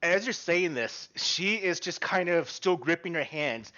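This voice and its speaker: A man narrating a tabletop game as game master, describing scenes in an animated way with frequent ums. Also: on the high side, measured pace, muffled recording.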